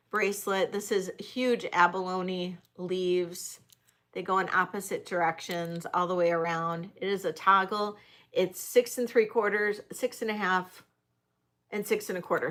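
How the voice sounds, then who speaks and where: A woman's voice: fairly low pitch, a bit bright. A woman hosting a live jewelry sale, describing pieces in detail and chatting effusively with viewers. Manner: describes items slowly in detail. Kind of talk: livestream sales chat.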